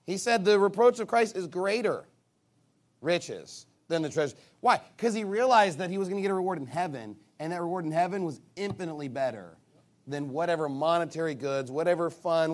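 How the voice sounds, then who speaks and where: A male pastor preaching a sermon in an animated, emphatic way, with sarcastic asides. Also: fairly high pitch, brisk.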